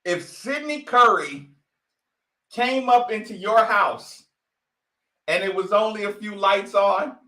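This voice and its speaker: Podcast host, man, heated ranting delivery, unhurried and high-pitched. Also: pushed and bright, echoey room. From Asheville, North Carolina. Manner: heated, ranting, laughs often, cusses. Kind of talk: opinionated sports talk.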